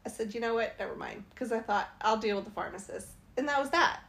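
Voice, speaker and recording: A woman casually telling a travel story, animated and laughing as she goes. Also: a little high, fast talker, vocal fry. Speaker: travel vlogger.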